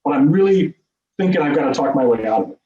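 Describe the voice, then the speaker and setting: Fast-talking middle-aged man in an echoey room. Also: fairly high pitch. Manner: animated, self-deprecating humor. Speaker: speaker at a meeting. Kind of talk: personal storytelling speech. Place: meeting room. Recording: echoey, distant, dull room sound.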